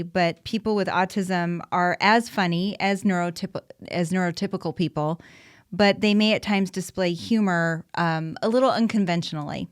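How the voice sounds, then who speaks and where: Her medium-pitched voice is smooth and studio quality, with no echo. The speaker, a woman in her thirties who hosts a podcast and mothers an autistic son, chats candidly on her own about life with him, with plenty of ums and restarts.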